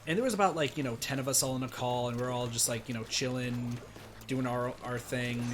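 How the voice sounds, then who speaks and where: A hoarse man streaming a game, telling a story in a rambling, animated way with many restarts. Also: mid-range voice, noisy background. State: hoarse, strained voice.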